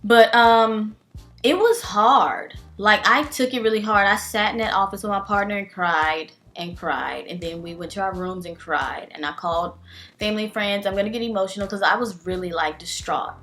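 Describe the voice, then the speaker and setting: A woman's voice: medium pitch, moderate pace, fairly bright tone, soft background music. A young adult woman, a teacher and vlogger, talking candidly and emotionally in a casual vlog, with many fillers. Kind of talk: casual vlog life update.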